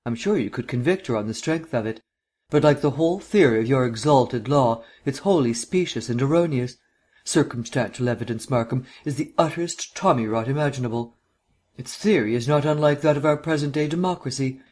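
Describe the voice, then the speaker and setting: A man voicing a languid, witty gentleman detective who speaks in an unemotional drawl. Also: medium pitch, a little fast, close to an everyday voice. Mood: airy, mocking. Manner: unemotional drawl, airy and mocking.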